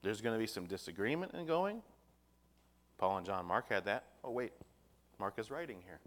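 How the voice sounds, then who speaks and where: A man's voice: lowish voice, animated, normal speed, a bit bright. A man preaching a sermon, reading scripture aloud with rising emphasis and putting rhetorical questions to his listeners.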